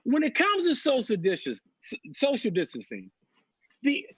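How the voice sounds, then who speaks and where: A man's voice: extremely high pitch, huge pitch swings, normal speed, husky, no room sound, muffled recording. A man in his thirties doing a loose, profane stand-up set over a video call from home, laughing through his stories. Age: 30s. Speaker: stand-up comedian. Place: home, on a couch.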